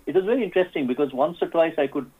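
A man, a radio guest who tells stories haltingly, with many fillers and restarts. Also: a little high, slightly rough. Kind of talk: radio interview storytelling. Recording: phone-like narrow sound.

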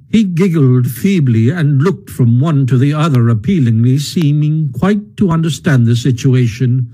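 A man narrating a storybook audiobook in a steady, even storytelling manner. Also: medium pitch, low-quality recording.

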